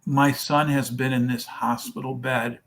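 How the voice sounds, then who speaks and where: Man, charity founder, storyteller, acts out dialogue, mid pitch. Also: level tone, measured pace, a bit bright. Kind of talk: telling a story in a podcast interview.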